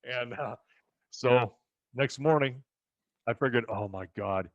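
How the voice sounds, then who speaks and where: This rural western US ranch co-host tells family stories in a relaxed chat, performing other people's lines with animation. He speaks slowly in a mid-range voice, and the recording is dry and dull.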